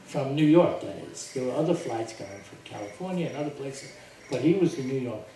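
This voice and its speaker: A slow, animated storyteller, this older man narrates his own life to a group in a mid-range voice, acting out quotes and breaking into laughs. Noise is audible, and the hall's echo is strong since he was recorded from afar.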